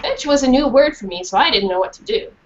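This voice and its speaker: A woman with a high voice who talks fast, a children's author, reads a storybook aloud to a classroom of students. She's animated, asking the class questions throughout, on a dull lo-fi recording.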